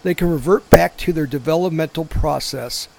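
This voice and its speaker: Rambling man with a slightly high voice. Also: normal speed, gravelly, darkish tone. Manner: rambling, swears, quotes movie lines in funny voices. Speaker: podcast co-host. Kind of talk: casual banter.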